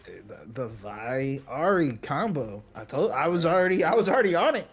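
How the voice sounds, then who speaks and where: A male esports co-caster with a slightly high voice. He talks casually, goes back to start a thought over, and throws in deadpan jokes. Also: normal speed, music in the background. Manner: dry, joking asides. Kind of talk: esports commentary.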